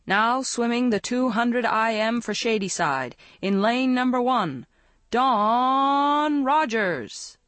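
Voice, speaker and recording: A woman reading aloud, voicing a loud, confident teenage girl who clowns like an announcer. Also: on the high side, animated, takes it slowly, no room sound, pitched above the performer's own voice. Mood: announcing. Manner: brash, showy announcer voice.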